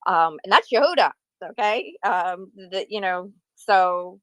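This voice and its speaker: A woman hosts a casual online discussion, calmly handing the floor to speakers and apologizing for problems. Her voice sits at a middle pitch with a dry, close sound. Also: unhurried, no echo. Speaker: host and moderator.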